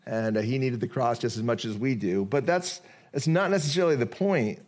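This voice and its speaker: A man preaching a sermon as pastor, conversational and full of rhetorical questions, reading scripture slowly and deliberately. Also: medium pitch, darkish tone.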